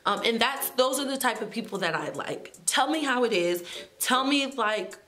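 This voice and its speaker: A young woman vlogger telling a story in casual storytime style, sassy and animated, talking straight to her viewers. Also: fairly high pitch, normal speed.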